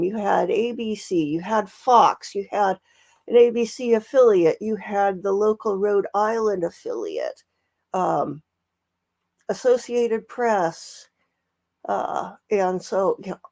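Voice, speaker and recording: A middle-aged woman talks slowly through a casual true crime commentary, her voice gravelly with fry. She rambles and restarts her sentences, leaning on fillers as she goes. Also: mid-range voice, darkish tone.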